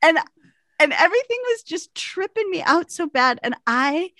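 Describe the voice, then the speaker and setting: Woman, high voice, very lively pitch, animated, laughing, dry close sound. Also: moderate pace, no room sound. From American Midwest. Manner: animated, laughing, acts out quotes. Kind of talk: casual storytelling chat.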